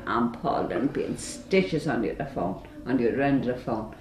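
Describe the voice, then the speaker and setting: Blunt Dublin woman, low lively voice. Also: normal speed, few pauses. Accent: Dublin Irish. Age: middle-aged. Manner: blunt, storytelling with slang. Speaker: mother in family chat. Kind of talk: casual family chat. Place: family home. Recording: roomy home video recording.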